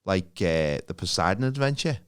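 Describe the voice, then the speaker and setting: A man's voice: deep voice, expressive, normal speed, smooth. A man co-hosting a podcast in casual, jokey chat, swearing freely and acting out voices in his stories. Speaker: podcast co-host.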